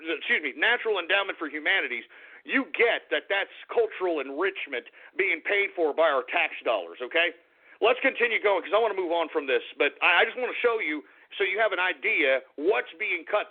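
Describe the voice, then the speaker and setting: A man hosting a political commentary show, reading items aloud and ranting about them with exasperated, sarcastic asides. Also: high voice. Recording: tinny phone-like line.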